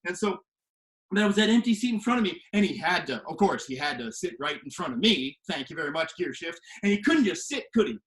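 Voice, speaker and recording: A man telling a story to the camera from his home kitchen, animated and swinging from hushed to loud. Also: high-pitched, brisk. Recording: echoey kitchen room.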